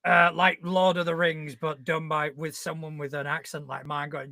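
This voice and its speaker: A man's voice: fairly high pitch, flat delivery, moderate pace, gravelly, pushed and bright, no room sound, clean studio sound. A young man with a northern English accent, chatting bluntly and swearing casually as a podcast co-host. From north of England. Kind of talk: casual chat.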